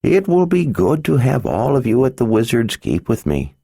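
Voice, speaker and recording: A man's voice: medium pitch, huge pitch swings, normal speed, creaky, dark tone, husky, no room sound, clean studio sound, pitched above the performer's own voice, heavily acted. A man doing an earnest little girl, storybook. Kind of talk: audiobook character voice.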